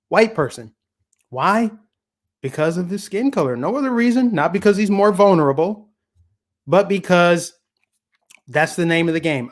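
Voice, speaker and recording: A man hosting a solo political commentary show, talking casually with a sarcastic tone and lots of rhetorical questions. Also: fairly high pitch. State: voice getting scratchy.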